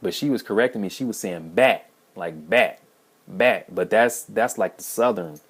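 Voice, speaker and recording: Man, lowish voice, casual monologue, rambling, lots of restarts and fillers. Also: a little fast, breathy edge. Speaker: language-learning video host.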